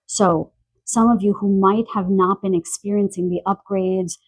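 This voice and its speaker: A woman giving a spiritual pick-a-card reading, gentle and searching, relaying messages with pauses and fillers. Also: medium pitch, fairly even intonation, no echo, rough recording. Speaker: tarot card reader. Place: quiet room in the evening.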